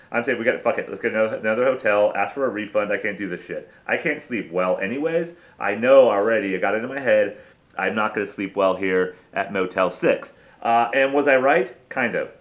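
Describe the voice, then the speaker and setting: A man's voice: medium pitch, muffled recording. A middle-aged man from the United States telling a travel story in a casual vlog, profane and ranting, often cutting himself off. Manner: profane, ranting, self-interrupting. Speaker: travel vlogger.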